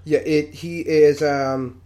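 Hesitant man, slightly higher voice. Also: steady tone, slow pace, mellow. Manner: hesitant, many fillers and restarts. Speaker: podcast co-host. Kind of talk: casual chat.

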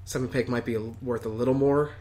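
A man's voice: medium pitch, steady tone, quick pace, mellow. A man co-hosting a casual chat, hesitant, with many fillers and restarts. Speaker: podcast co-host.

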